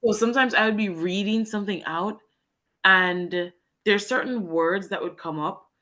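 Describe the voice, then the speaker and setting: A woman's voice: medium pitch, normal speed, bright, forceful tone. A woman from Jamaica, an English teacher in Japan, chatting as an interview guest and acting out the exchanges she describes. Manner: storytelling, acts out quoted exchanges. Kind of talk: casual interview chat.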